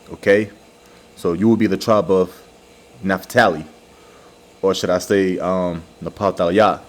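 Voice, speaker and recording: A man giving an informal religious lesson, slowly repeating words and checking in with "all right" and "okay" after each point. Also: low voice. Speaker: religious teacher.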